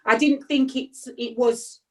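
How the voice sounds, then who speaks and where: A woman's voice: a little high, fairly even intonation, unhurried. Frank woman on a chat panel. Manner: frank, leaves many listening murmurs.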